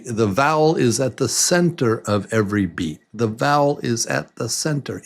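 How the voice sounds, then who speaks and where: A man teaching English to beginners, saying words slowly and breaking them into beats in an encouraging, patient way. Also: mid-range voice. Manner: slow, drawn-out words broken into beats. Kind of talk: slow beginner lesson.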